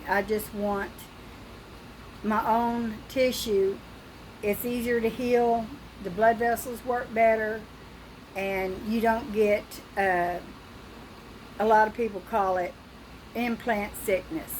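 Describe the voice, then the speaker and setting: An older woman talking through a personal video diary, frightened and halting, with pauses and restarts. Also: mid-range voice, a little hiss or hum, poor audio. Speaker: vlogger.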